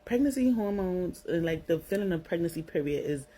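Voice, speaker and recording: Over poor audio, a fairly low-pitched, husky female voice with a dark tone comes through brisk and animated. She's a young New Yorker from Brooklyn sharing a personal story bluntly, full of slang, curse words and "like" fillers.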